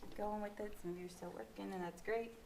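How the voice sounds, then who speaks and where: A woman's voice: mid-range voice, steady tone, fast, gravelly, noisy background. A woman teaching a math lesson to a class in a patient, encouraging and casual way.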